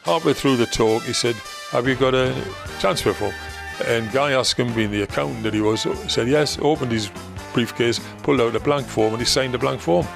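A man's voice: mid-range voice, moderate pace, vocal fry, music in the background. An older man, a former football manager, telling rambling stories in conversation and acting out other people's lines. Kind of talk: anecdotal storytelling in conversation.

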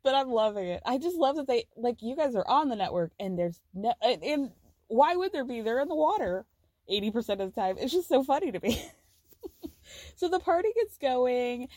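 Podcast lady recapping reality tv, chatty and giggly, kinda high voice, dry close mic. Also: moderate pace, dry recording. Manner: chatty, giggly, animated storytelling. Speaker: podcast host.

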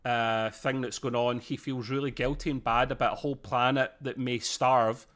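A man co-hosting a podcast, reviewing a TV episode in lively casual chat, laughing often. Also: mid-range voice, moderate pace. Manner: animated, laughs often, slips into mimicry. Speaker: podcast co-host.

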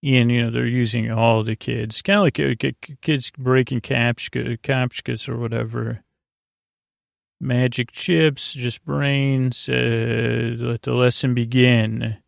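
A man hosting a sleepy bedtime podcast, retelling a story in a halting, rambling way with many fillers and restarts. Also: vocal fry, no room sound, clean studio sound. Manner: low-key monotone retelling. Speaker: podcast host. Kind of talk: sleepy bedtime episode recap.

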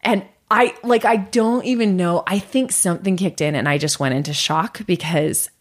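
A woman's voice: on the low side, moderate pace. A woman telling a personal story in casual chat, acting out the voices of the people in it. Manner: animated, acts out voices in her story.

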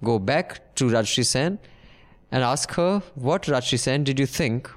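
A man's voice: mid-range voice, animated, a little slow. Man co-hosting a chatty podcast. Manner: opinionated, talks over his co-host. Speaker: podcast co-host. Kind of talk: casual chat.

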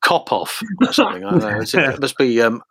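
A man's voice: mid-range voice, very animated, fairly quick, creaky, fairly bright tone, no echo. Rambling male storyteller, dry sound. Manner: rambling, many fillers, acts out quotes. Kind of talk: casual anecdotal chat.

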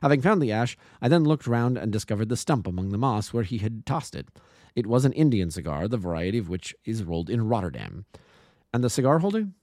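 A methodical male detective lays out his reasoning point by point in an audiobook reading, with a lowish, mellow voice. A man reads him aloud, his own voice rising and falling a lot. The sound is dry and close. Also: sing-song, a little fast, dry recording. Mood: explaining. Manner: methodical, lecturing. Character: brilliant, precise male detective explaining deductions.

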